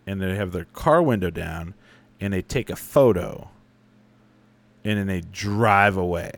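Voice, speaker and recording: A young adult man chatting casually as a podcast host, answering listener questions with rambling, profane, self-correcting stories. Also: low voice. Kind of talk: casual chat.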